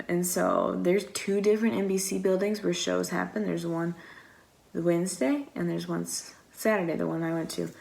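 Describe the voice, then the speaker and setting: Speaking with vocal fry in a lowish voice, a young woman from the US rambles through a long story vlog-style. She's chatty, leans heavily on "like," and acts out the quoted back-and-forths.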